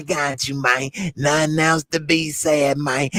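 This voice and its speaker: Brief: animated male reviewer, casual reaction talk, dry close sound. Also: on the high side, unhurried, hardly any pauses, no echo. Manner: animated, slangy, laughs often. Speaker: TV show reviewer.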